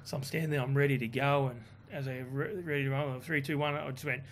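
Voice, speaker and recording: A man telling a story in a casual chat, animated and swearing, quoting others in his own voice. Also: medium pitch, fast, slight background noise. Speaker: guest.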